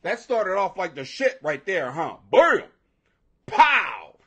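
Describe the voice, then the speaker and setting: A high-pitched man in his forties hosts his own livestream, ranting casually in a bright, sharp, husky voice that leaps all over the place at a normal speed. He's loud and animated, swears constantly, and laughs at his own jokes.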